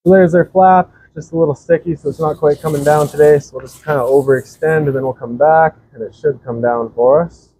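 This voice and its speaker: A man's voice: a little high, fairly even intonation, brisk, dark tone, breathy edge, low-quality recording. A man giving a practical, instructive walkthrough of a travel trailer, outdoors and then inside it. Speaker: RV sales walkthrough presenter. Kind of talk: casual product walkthrough.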